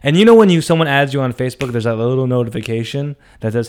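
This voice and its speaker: A young man telling a personal story, animated, acting out quotes with loud outbursts. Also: medium pitch, fast, hardly any pauses, smooth. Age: young adult. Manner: animated, acts out quotes with big loud jumps.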